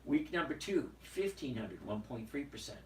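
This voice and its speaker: A man running a live trading stream reads out questions from viewers and answers bluntly, talking through the numbers on his screen in a casual way. His medium-pitched voice has big pitch swings at a normal speed, with slight background noise.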